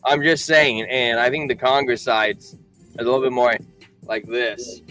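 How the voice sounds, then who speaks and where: A man's voice: medium pitch, fairly even intonation, unhurried, pushed and bright, soft background music, poor audio. Chuckling man on a crypto stream. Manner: joking, chuckling, repeats himself. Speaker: co-host of a crypto livestream. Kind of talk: casual chat and reading news.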